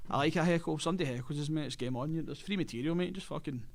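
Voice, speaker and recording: Brash fast-talking Scottish man. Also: a little high. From Scotland. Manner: brash, swearing, laughing storyteller. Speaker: stand-up comedian guest. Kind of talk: casual podcast chat. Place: studio.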